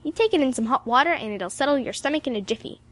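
A brisk, cocky teenage boy who takes charge and boasts cheerfully, as a woman reading aloud voices him. Slightly high, near the reader's own voice. Storybook reading. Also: lively intonation, fairly bright tone. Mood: confident.

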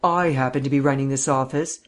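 A man voicing an irritable, gruff district attorney who speaks curtly, in an audiobook reading. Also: medium pitch, fairly even intonation, brisk, close to an everyday voice. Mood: irritated. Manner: curt, growling.

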